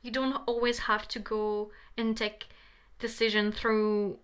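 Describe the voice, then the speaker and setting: A woman's voice: medium pitch, level tone, slow pace, clear, resonant tone. A young adult woman giving a passionate tarot reading to camera, pleading and repeating herself eagerly. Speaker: tarot reader.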